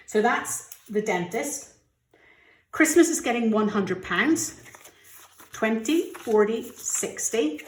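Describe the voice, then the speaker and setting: A woman's voice: mid-range voice, lively intonation, slow pace, slight background noise. Chatty middle-aged British woman, roomy sound. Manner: chatty, candid, gets emotional. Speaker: budgeting vlogger. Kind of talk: casual chat while counting cash.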